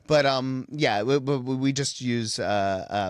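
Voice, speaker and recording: A man telling stories as a podcast guest in a studio, animated and theatrical. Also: medium pitch, slow pace, clean tone, dry recording. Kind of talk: casual interview chat.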